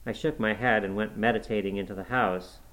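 A man with a fairly low voice narrates a classic novel. His reading is measured and expressive, in the manner of an audiobook. He keeps the pace steady through long sentences. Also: poor audio. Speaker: audiobook reader.

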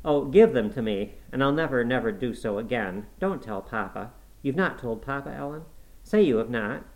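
A man's voice: mid-range voice, animated, normal speed, close to an everyday voice, low-quality recording. A man reading aloud and voicing a desperate teenage girl who pleads in tears. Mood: frantic. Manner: breathless, pleading, tearful.

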